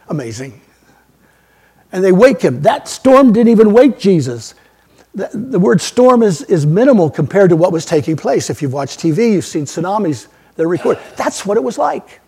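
A man preaching a sermon as a pastor, emphatic, swinging between loud outbursts and quiet asides. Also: high-pitched, breathy edge. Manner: emphatic preaching with sudden loud rises and soft drops.

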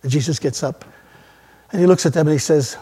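A man preaching a sermon as a pastor, emphatic, swinging between loud outbursts and quiet asides. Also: a little high, brisk, slightly rough. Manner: emphatic preaching with sudden loud rises and soft drops.

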